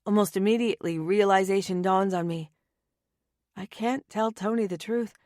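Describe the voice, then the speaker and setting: A woman narrating a first-person romance audiobook in a wry, anxious and often hushed manner, on a close studio mic. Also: mid-range voice, moderate pace, no echo.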